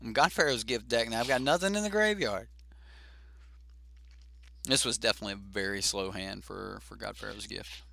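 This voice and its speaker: A man's voice: on the low side, normal speed, vocal fry, pauses often, sharp tone. A man hosting a card game stream, chatting casually and thinking aloud with fillers as he plays. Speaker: host.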